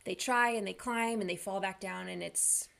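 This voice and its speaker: This young coach, who supports people facing anxiety and depression, offers a motivational talk that's earnest and informal, peppered with "like." Her mid-range voice is a bit bright with vocal fry, at a moderate pace.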